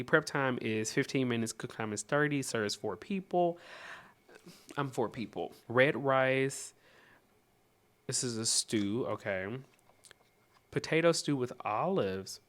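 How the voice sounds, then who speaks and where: A man with a Southern American accent hosting a casual cookbook review vlog, reading recipes aloud and chatting to viewers with sudden high exclamations. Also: a bit bright. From Southern United States. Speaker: host.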